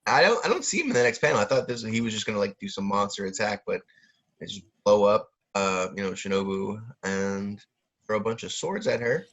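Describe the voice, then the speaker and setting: A man's voice: lowish voice, lively intonation, brisk, a bit bright. Rambling man with a dull lo-fi sound. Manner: rambling, many fillers, laughs often, mimics sound effects. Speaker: podcast co-host. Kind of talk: casual chat.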